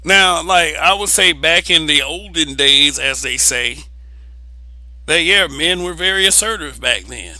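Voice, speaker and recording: A man's voice: on the high side, a little slow, sharp tone, no echo, low-quality recording. A young man giving blunt, profane opinions in a casual monologue, repeating words as he presses his point.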